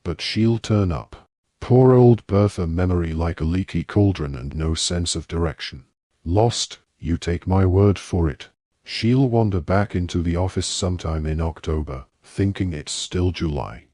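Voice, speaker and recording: A man's voice: low-pitched, a little slow, dark tone, dry recording, studio quality. A man reading a jovial, blustering middle-aged sports official with a breezy, comfortable manner.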